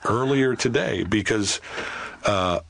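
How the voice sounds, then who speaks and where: A man's voice: fairly low pitch, takes it slowly, creaky, a loud crowd. A middle-aged man, an actor, telling rambling, self-deprecating stories in casual chat. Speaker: actor guest.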